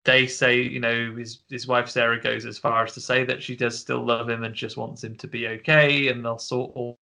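A man's voice: mid-range voice, little pitch movement, creaky, bright, forceful tone. A man co-hosting a casual film discussion over a remote call, retelling scenes and now and then mimicking the characters. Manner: recounts scenes with quick bits of voice mimicry and laughs. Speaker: podcast co-host.

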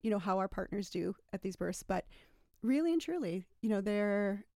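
A woman's voice: medium pitch, expressive, moderate pace, mellow, no room sound. A woman hosting a conversational podcast. She reflects on her own experience and draws her guests out with questions. Her voice is close to the mic and dry, with no room sound. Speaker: podcast host. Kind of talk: casual conversation.

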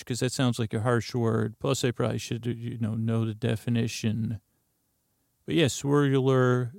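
A man's voice: mid-range voice, darkish tone, no echo, clean studio sound. A man hosting a sleep podcast, talking in a meandering, self-correcting ramble full of fillers and drifting asides. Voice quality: creaky, gravelly. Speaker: podcast host. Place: closet. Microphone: close studio mic.

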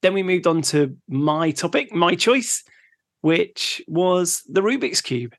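A man from England co-hosting a podcast, chatting in a relaxed way and laughing easily while recapping facts. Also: sits high, slow pace, no room sound, studio quality. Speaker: podcast co-host. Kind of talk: casual chat.

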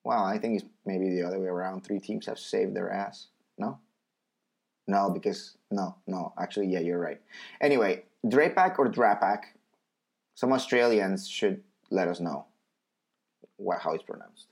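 A man's voice: sits low, moderate pace, creaky. A man co-hosting a podcast in casual chat, joking and sarcastic. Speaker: podcast co-host.

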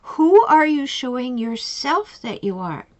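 A woman's voice: high-pitched, very animated, measured pace. A woman coach giving advice and retelling client stories, repeating pointed questions with emphasis. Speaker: relationship coach. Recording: dull lo-fi recording.

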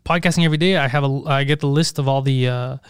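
Fast-talking animated man, podcast host. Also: medium pitch, clear, resonant tone, no echo, clean studio sound. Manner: animated storytelling, heavy swearing. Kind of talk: casual podcast chat.

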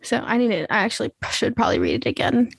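A woman's voice: on the high side, huge pitch swings, fast, gravelly, husky, no echo. A woman in casual chat, hesitant and searching for words, filling gaps with "um" and "like".

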